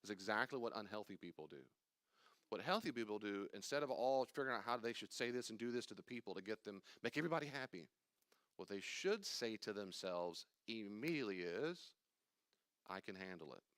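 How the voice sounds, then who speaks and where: A man's voice: on the low side, lively intonation, brisk, fairly bright tone, dry recording, studio quality. An older man, a pastor, teaching a church study class in an emphatic, conversational way, acting out anxious inner voices and wandering into asides.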